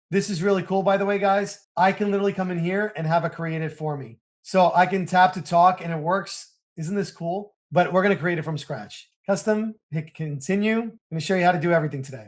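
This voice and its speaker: A man with a fairly high voice walks viewers through software on his screen. He narrates every click and gets excited as things work, talking straight to the audience in a hyped, chatty way. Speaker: software tutorial host. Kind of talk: screen-share software walkthrough.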